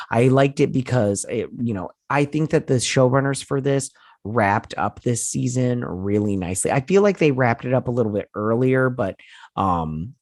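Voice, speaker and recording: A man hosting a casual recap of a TV episode, retelling scenes in a chatty, animated way with playful quoted voices. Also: mid-range voice, no echo, studio quality. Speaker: show host.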